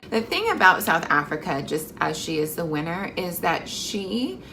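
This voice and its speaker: Chatty young woman vlogging, bright voice. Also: lowish voice, sing-song, moderate pace, a little hiss or hum. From Mexican heritage. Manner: chatty and effusive, many fillers. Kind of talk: casual chat to camera.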